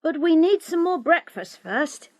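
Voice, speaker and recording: A woman's voice: extremely high pitch, big pitch swings, a little slow, voice pushed up, exaggerated voice. A woman voicing a cheeky teenage boy who teases his sister in a storybook reading. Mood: cheerful. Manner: playful teasing. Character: teenage boy, teasing cheeky younger brother.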